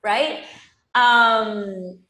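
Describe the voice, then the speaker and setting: A woman's voice: a little high, fairly even intonation, drawn-out words, pushed and bright, echoey room. A woman leading a live money coaching session, emphatic, repeating phrases and calling viewers by name. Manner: addresses viewers directly by name.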